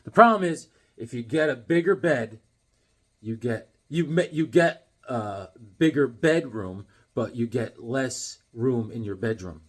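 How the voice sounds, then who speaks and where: Jokey husky man showing off comics. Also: medium pitch, lively intonation, measured pace. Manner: jokey, tells dad jokes and rambling stories. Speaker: comic collector. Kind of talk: casual chat while unboxing comics.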